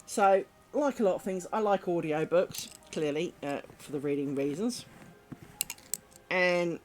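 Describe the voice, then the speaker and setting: A woman's voice: fairly low pitch, measured pace, darkish tone, a little hiss or hum. A woman streaming her lace-making, chatting casually and rambling, with the odd swear word. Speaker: craft streamer.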